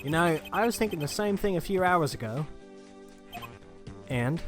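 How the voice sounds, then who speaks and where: A man's voice: on the high side, animated, moderate pace, soft background music, voice pushed up, natural voice. A man voicing a brash, sarcastic male police detective with a put-on Australian accent, rambling as he talks. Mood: blunt.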